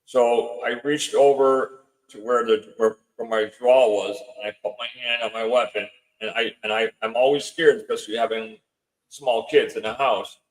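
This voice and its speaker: A man, a podcast guest, recounts a frightening night in a halting way, stumbling and repeating words as he goes. His voice sits at a middle pitch. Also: fairly even intonation, low-quality recording. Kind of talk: storytelling in a podcast interview.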